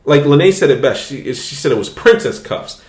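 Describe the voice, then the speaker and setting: A man's voice: a little high, expressive, normal speed, reverberant. A man hosting a podcast, telling a story in casual, profane chat and laughing as he goes. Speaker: podcast host.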